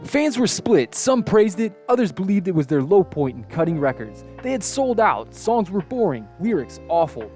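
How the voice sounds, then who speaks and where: A man narrates a scripted music history in a high, bright-edged voice that swings up and down with energy. Soft lofi music plays underneath. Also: very animated, normal speed, few pauses. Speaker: video essay narrator.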